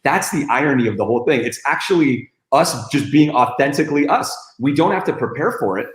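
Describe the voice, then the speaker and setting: A man's voice: medium pitch, expressive, fairly quick. A middle-aged man co-hosts a casual webinar, earnest and emphatic, driving his points home by repeating them. His voice carries the echo of a roomy space. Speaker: co-host. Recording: echoey room.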